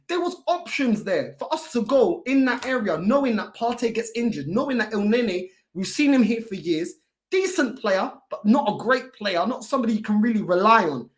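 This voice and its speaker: A woman hosting a fan channel, ranting in exasperation and firing off rhetorical questions. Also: on the high side. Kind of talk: heated football fan talk.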